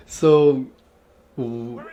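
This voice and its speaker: A man's voice: medium pitch, big pitch swings, very slow, warm tone, slight background noise. A young man telling a storytime story on his own vlog in a casual way, swearing freely and breaking into laughter. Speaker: vlogger.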